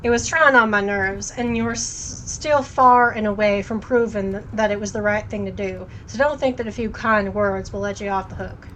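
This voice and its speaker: A woman voicing a stern, dutiful male vampire sheriff in a game read-through, speaking in a clipped, measured way. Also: medium pitch, steady tone, fairly bright tone, slight background noise, lightly acted, low-quality recording.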